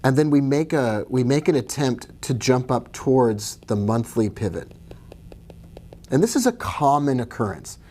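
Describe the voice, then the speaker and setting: A man's voice: medium pitch, sing-song, moderate pace, darkish tone. Chatty man hosting a live trading stream. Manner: casual, chatty, greets viewers by name. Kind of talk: live-stream commentary on charts.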